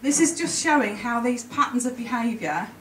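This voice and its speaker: A woman giving an emotional, chatty conference talk, with halting restarts. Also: on the high side, animated, fairly bright tone, slight background noise. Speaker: conference speaker. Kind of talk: presentation to an audience. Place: conference hall. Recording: roomy hall, mic from a distance. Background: faint room ambience.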